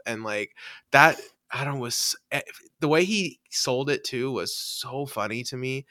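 A man hosting a casual movie podcast, animated and laughing often, restarting his sentences. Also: medium pitch, no room sound, clean studio sound. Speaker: podcast host.

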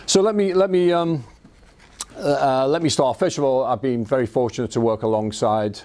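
A middle-aged man with a Liverpool accent addresses an audience for the evening, his voice sitting at an ordinary middle pitch. He tells life stories with dry self-deprecation. He often stops and restarts a phrase as he goes. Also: moderate pace, warm tone. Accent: Scouse. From Liverpool, England. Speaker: invited speaker.

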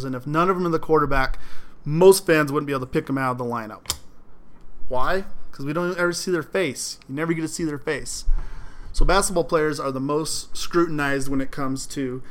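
A man hosting a solo sports podcast, talking in an animated, emphatic way and mocking fans' complaints. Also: fairly high pitch, fairly quick. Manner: animated, emphatic, mocking quoted fans in exaggerated voices. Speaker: podcast host.

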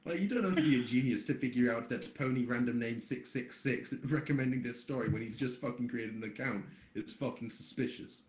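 A man's voice: mid-range voice, a little fast, hardly any pauses, a little mellow, reverberant. A man who moderates a site, chatting bluntly on a podcast and swearing freely as he rambles along. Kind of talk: casual podcast chat.

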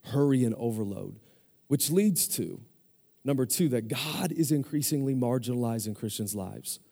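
Energetic pastor preaching in a reverberant hall. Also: male voice, medium pitch, moderate pace, creaky. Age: 40s. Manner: energetic call-and-response preaching. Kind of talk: sermon.

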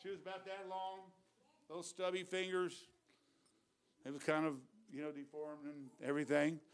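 A man preaching a revival sermon, shifting from quiet storytelling to loud exhortation. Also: on the high side, level tone, normal speed, clear, resonant tone.

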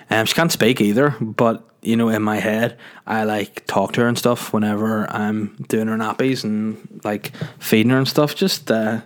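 Low-voiced Northern Irish man, rambling. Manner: rambling and jokey, with filler words. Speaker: podcast host. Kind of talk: casual podcast monologue.

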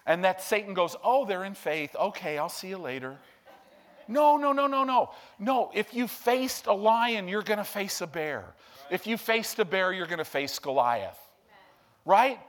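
High-voiced, emphatic male preacher. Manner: emphatic, animated, with big swings from hushed to loud. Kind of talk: sermon.

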